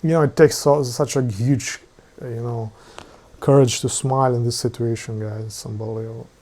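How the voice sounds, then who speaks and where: A man hosting a live stream and commenting on a video, halting with many fillers and restarts, mocking the people in it. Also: medium pitch, fairly even intonation, mellow, a little hiss or hum. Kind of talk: casual commentary.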